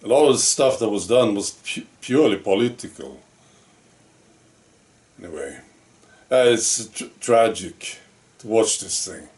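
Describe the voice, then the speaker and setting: A man giving casual video commentary, musing and drifting along with pauses and fillers. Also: fairly low pitch, animated, darkish tone, distant mic.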